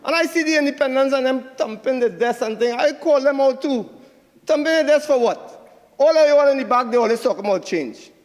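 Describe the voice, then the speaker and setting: A man's voice: very high-pitched, lively intonation, a little fast, in a large hall. A man with a Trinidadian accent giving a combative senate debate speech, repeating phrases for emphasis. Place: senate chamber.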